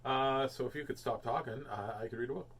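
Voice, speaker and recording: A man's voice: mid-range voice, fairly quick, fairly bright tone. A man hosting a home reading show, chatting casually with lots of jokes and fillers. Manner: rambling, jokey, many fillers. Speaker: host reading children's books. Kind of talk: casual chat.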